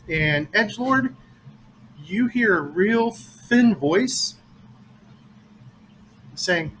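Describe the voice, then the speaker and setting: A man acts as game master at a home dinner-table game. He lays out scenes and settles rules in a plain, matter-of-fact way. His voice sits a little high and sounds bright. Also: slight background noise, low-quality recording.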